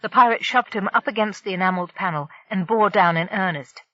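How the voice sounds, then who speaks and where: A woman narrating a science fiction audiobook in a steady, dramatic reading style. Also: mid-range voice, a little fast, no echo, dull audio. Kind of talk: scripted narration.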